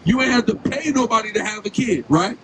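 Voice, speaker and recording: A man's voice: high-pitched, expressive, a little fast. A man preaching outdoors on a city street, questioning passersby and repeatedly asking "right?". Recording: street noise and traffic.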